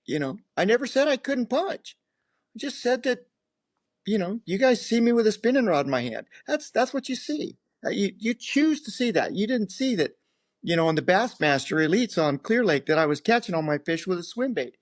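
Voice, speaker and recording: Older male guest, casual storyteller, lively voice, recorded dry. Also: high voice, normal speed, no echo. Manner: rambling, animated, acts out others' lines. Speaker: guest, professional angler.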